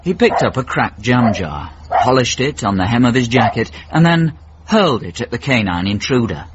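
A man's voice: medium pitch, very animated, normal speed, background noise. A man giving dry, wry scripted narration for a radio drama. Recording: muffled radio broadcast.

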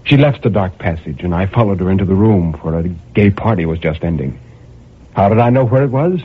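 A man's voice: sits low, lively intonation, brisk, husky. A man reading a dramatic first-person story in a brooding manner, with impassioned outbursts. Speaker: narrator. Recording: tinny narrow-band recording.

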